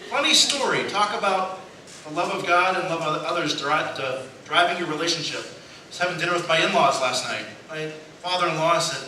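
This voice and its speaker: A man's voice: fairly high pitch, lively intonation, brisk, pushed and bright. Man, pastor, storytelling sermon, acts out quotes, distant mic, echoey church, noisy recording. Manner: storytelling, acts out voices in quotes, laughs at own jokes. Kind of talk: sermon with humorous stories. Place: church sanctuary. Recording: echoey church from far off with noise.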